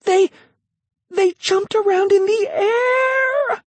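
A man voicing a loud, whiny six-year-old girl in an audiobook. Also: slow, no room sound. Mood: startled. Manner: shrill, whiny and demanding. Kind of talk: audiobook character voice.

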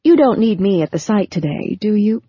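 A woman voicing a busy, friendly woman who asks a favor in a warm, pleading way, in a storybook reading. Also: medium pitch, lively intonation, moderate pace, breathy edge, no room sound. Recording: dull lo-fi recording.

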